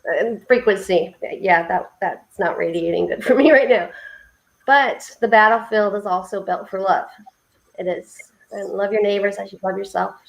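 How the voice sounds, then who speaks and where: A woman with a medium-pitched voice and vocal fry speaks at a moderate pace, though the audio is poor. She co-hosts a faith support livestream, sharing heartfelt stories over a video call in an earnest, preaching manner.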